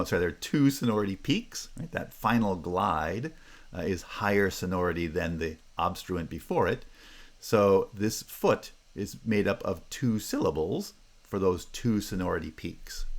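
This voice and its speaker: Low-voiced man lecturing with frequent fillers. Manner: frequent fillers and restarts, checks with "right?" and "okay?". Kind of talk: university phonetics lecture.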